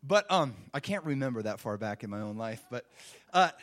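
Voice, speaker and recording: A man's voice: mid-range voice, lively intonation, brisk, a bit bright. A man preaching a sermon, emphatic and full of rhetorical questions. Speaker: pastor.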